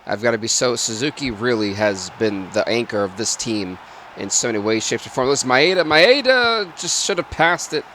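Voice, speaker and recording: A man's voice: mid-range voice, moderate pace, slight background noise. A man giving casual play-by-play of a football video game, flaring up at big plays and muttering side remarks. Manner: excitable play-by-play that drops to mumbled asides. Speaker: gaming channel host. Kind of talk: solo video game commentary.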